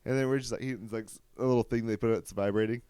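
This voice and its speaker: A man's voice: mid-range voice, steady tone, quick pace, warm tone, clear, resonant tone, no room sound. A man in his thirties co-hosting a casual podcast, laid-back and rambling. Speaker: podcast co-host. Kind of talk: casual chat.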